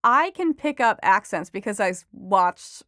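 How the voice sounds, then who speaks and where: A young adult woman, a reporter guest on a podcast interview, talking in a chatty, enthusiastic way with quick asides. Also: medium pitch, expressive, fairly bright tone, no room sound, studio quality. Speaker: entertainment reporter and author guest.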